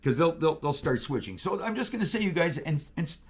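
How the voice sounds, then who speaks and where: A man telling railroad stories in casual chat, animated and profane, acting out radio calls. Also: on the high side, quick pace. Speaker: guest, railroader.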